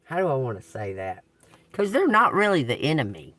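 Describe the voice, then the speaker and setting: A woman's voice: a bass voice, sing-song, fairly quick, a bit bright, dry recording. Brief: Southern woman tarot reader, blunt and cussing, voice that leaps up and down. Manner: blunt, profane, swings between drawl and outbursts. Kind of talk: unscripted video rant to viewers.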